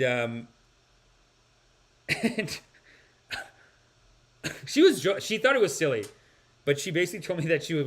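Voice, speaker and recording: A man hosting a podcast, reading viewer comments and rambling with sighs and restarts. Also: mid-range voice. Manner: rambling, sighing, slips into impressions. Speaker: podcast host.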